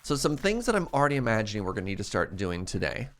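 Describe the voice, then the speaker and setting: A man's voice: lowish voice, sing-song, rapid-fire, a bit bright. A young adult man thinking aloud in casual commentary while streaming a modded block game. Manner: thinking aloud, rambling and musing.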